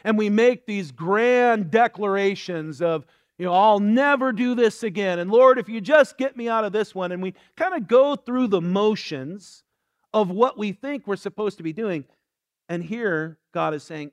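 A man preaching a sermon in an earnest way, reading scripture softly and slowly. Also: sits high, expressive. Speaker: pastor.

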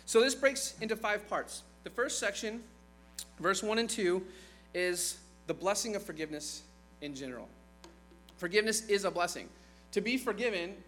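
A man's voice: a little high, fairly bright tone, rough recording. A man preaching a sermon in a conversational way, retelling scripture with playful asides.

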